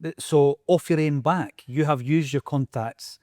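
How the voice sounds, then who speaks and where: A man's voice: a little high, a little slow, a little mellow, no room sound, clean studio sound. A Scottish man, a podcast co-host, prompting his partner in casual chat with supportive questions. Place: podcast studio.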